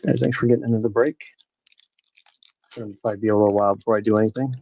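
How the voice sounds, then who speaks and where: A man racing through his words, his voice on the low side, warm, gravelly and husky with fairly even intonation, hosts a live baseball card break. He rambles casually and calls out viewers by name while opening packs. The recording is rough.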